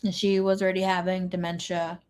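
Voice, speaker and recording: A woman's voice: on the low side, flat delivery, brisk, darkish tone, clean tone. A woman tarot reader chatting casually on a live stream. She reads viewer comments aloud and drops Spanish words into her English. She sounds emotional and grieving.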